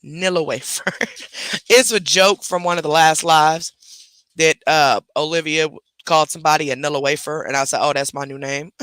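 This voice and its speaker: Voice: medium pitch, steady tone, moderate pace, a bit bright, no room sound. A speaker chatting casually on a live stream, rambling and talking to their pets along the way.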